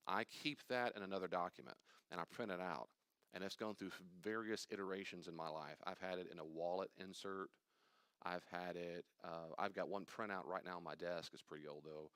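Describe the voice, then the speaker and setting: A man's voice: deep voice, fairly quick, a bit bright, dry recording, studio quality. An older man, a pastor, teaching a church study class in an emphatic, conversational way, acting out anxious inner voices and wandering into asides.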